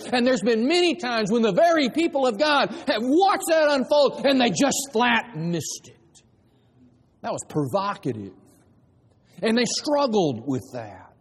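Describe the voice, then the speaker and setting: High-voiced man preaching in a reverberant hall. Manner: emphatic, varied delivery with dramatized voices. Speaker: pastor. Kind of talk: sermon.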